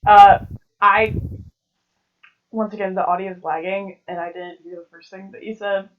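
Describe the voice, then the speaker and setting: A woman's voice: mid-range voice, fairly even intonation, normal speed, recorded from a distance. A woman running a tabletop game as game master, chatty and laughing, heard over a dull online call. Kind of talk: casual tabletop role-play.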